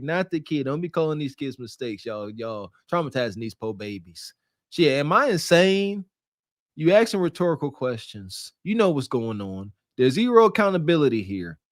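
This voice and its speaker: A male podcast co-host delivers preachy, scolding commentary, sighing and laughing as he lectures. His voice sits fairly high for a man. The sound is close and dry, with no room echo.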